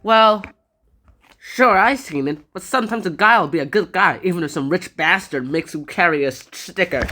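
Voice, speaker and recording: A woman's voice: on the low side, lively intonation, moderate pace, bright, forceful tone. A woman voicing a blunt young male ex-convict drifter in her own casual voice. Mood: defiant.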